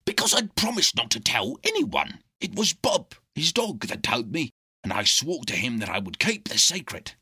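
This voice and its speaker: A man voicing a loyal male dog in a storybook reading, husky, urgent and pleading. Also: mid-range voice, very animated, moderate pace, bright, forceful tone, pitched above the performer's own voice, exaggerated voice.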